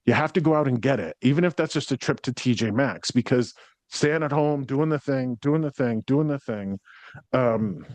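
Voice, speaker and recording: A man's voice: medium pitch, moderate pace, darkish tone, no echo. A man in a mid-range voice gives a psychic reading, rambling and hesitant with many fillers, and cheerfully swears when passing on messages. The sound is dry and close. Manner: rambling, hesitant, frequent ums and likes, swears when relaying spirits. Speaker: psychic medium. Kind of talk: spirit reading to a sitter.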